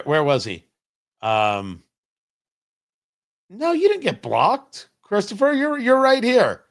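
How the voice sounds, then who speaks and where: A man hosting a talk show, giving sarcastic, opinionated political commentary straight to his listeners. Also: fairly high pitch.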